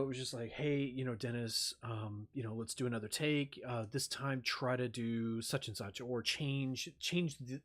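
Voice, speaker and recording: A man talking in a rambling casual chat as a streamer, swearing freely and using lots of fillers. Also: medium pitch.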